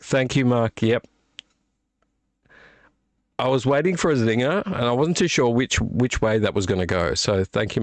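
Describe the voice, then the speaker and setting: A man hosting a casual late-night vlog from a small room at home, his voice strained and croaky from illness, rambling and self-deprecating with many fillers. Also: mid-range voice, dry recording. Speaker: vlog host. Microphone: attached desktop microphone.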